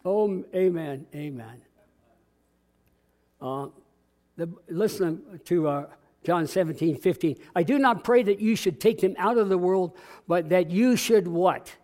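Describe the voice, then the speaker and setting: A man's voice: high-pitched, unhurried, darkish tone. A man preaching a conversational sermon, acting out dialogue and drawing responses from the congregation. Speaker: pastor. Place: church sanctuary.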